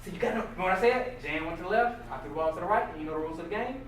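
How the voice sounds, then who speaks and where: A man giving an animated, joking motivational talk to a live audience, often quizzing the crowd. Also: high voice, rapid-fire. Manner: animated, jokey, questions the crowd. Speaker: motivational speaker. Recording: distant echoey room recording with noise.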